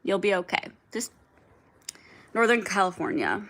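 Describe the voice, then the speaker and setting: A woman's voice: medium pitch, lively intonation, moderate pace, fairly bright tone. A young woman hosting a casual livestream, rambling with lots of "like" and swearing while reading and answering viewer comments. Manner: rambling, heavy filler "like", frequent swearing, reads and answers chat. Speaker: livestream host.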